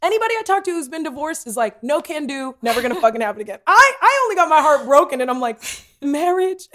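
A woman talking candidly in a casual conversation, animated and given to playful put-on voices. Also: high-pitched, racing.

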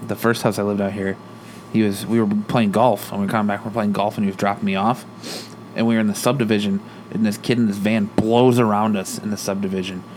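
A man's voice: fairly low pitch, quick pace, a little hiss or hum. A man in a casual chat, telling road-rage stories and acting out the quotes, with plenty of swearing. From Arizona, USA. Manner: animated storyteller, acts out quotes, swears.

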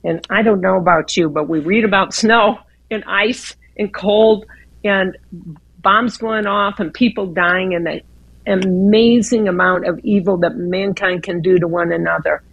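Slow, gravelly-voiced earnest woman. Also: mid-range voice, fairly even intonation, no room sound, rough recording. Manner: earnest, slow, with repeated words and restarts. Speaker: guest speaker. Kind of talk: devotional radio talk.

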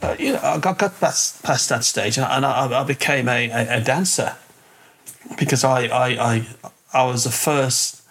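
An older man from England, appearing as an interview guest, tells a story casually, rambling, restarting, repeating words, and using lots of fillers. His husky, medium-pitched voice has a fairly bright tone and a moderate pace.

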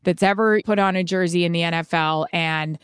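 A woman's voice: on the low side, brisk, clear, resonant tone, no echo, clean studio sound. A woman in her thirties, co-hosting a podcast, chatting casually and acting out quotes as she tells stories. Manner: animated storyteller, acts out quotes. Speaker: podcast co-host. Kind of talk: casual chat.

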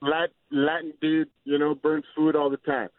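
A man's voice: fairly high pitch, little pitch movement, moderate pace, dry recording. A man from Texas calling a radio show, earnest and stammering, repeating himself. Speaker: caller. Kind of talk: call-in radio chat. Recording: tinny phone line.

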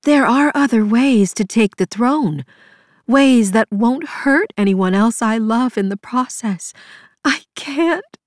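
A woman narrator gives voice to a tearful young woman torn apart by guilt, her voice lifted higher than the narration and cracking into whispers. She pleads slowly and unevenly, in a dry, close recording for a storybook. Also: expressive, no echo. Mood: anguished. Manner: sobbing, pleading, breaks into whispers. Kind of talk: audiobook character voice.

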